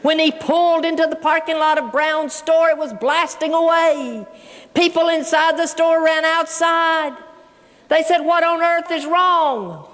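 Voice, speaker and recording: Folksy woman, keynote storyteller, high voice, big-hall reverb. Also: fairly even intonation, unhurried. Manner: folksy, addresses audience as folks. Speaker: keynote speaker. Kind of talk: humorous storytelling speech. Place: large auditorium.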